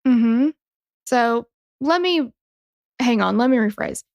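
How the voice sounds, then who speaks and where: A woman's voice: fairly high pitch, animated, slow pace, creaky, no room sound, clean studio sound. A woman co-hosting a true-crime podcast, chatting casually with lots of fillers and some swearing. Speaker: podcast co-host.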